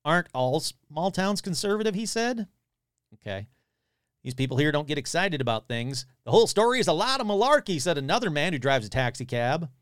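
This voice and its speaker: A man's voice: a little high, big pitch swings, brisk, clear, resonant tone, no room sound, studio quality. A man hosting a podcast, casually reading a newspaper article aloud and breaking off with wry, grumbling asides. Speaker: podcast host.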